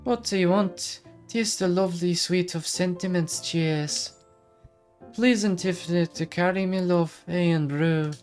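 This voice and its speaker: A woman's voice: on the low side, slow, darkish tone, faint music behind, pitched above the performer's own voice. A woman voicing a mysterious wandering magic woman with a put-on Irish-type lilt and garbled, old-timey phrasing.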